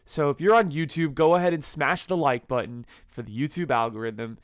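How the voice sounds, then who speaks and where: Young male host, smooth resonant voice, dry close sound, casual outro. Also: on the high side, fairly quick, dry recording. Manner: casual, eager, direct to listeners. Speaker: podcast host. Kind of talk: solo outro to listeners.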